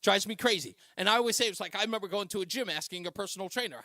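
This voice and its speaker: High, bright-voiced talk radio host. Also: male voice, rapid-fire, dry recording. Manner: animated, laughs often while telling stories. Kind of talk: casual talk radio storytelling.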